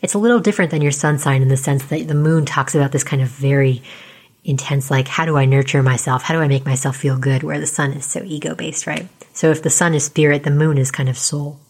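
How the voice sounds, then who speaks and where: A woman astrologer in casual explanatory talk, chatty with lots of fillers and tag questions, speaking quietly as she starts to lose her voice. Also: low-pitched, steady tone, fast, slightly rough. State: losing her voice.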